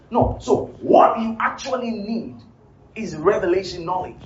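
A man preaching a sermon as pastor, repeating his points and building up to shouted emphasis. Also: high voice, lively intonation, a little slow. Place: church hall. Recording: roomy, distant, dull live church sound. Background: music and congregation.

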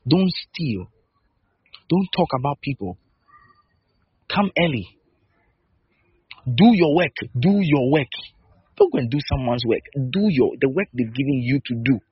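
Man, pastor, very husky voice, emphatic repeated exhortations, dull lo-fi recording. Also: medium pitch, expressive, unhurried, long pauses, dry recording. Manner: repetitive, emphatic exhortation with rhetorical questions. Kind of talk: sermon.

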